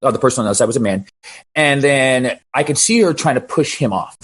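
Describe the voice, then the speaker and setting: A man who works as a DJ, telling an animated story and asking for advice on a video call, with halting restarts. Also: medium pitch. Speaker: DJ asking a question.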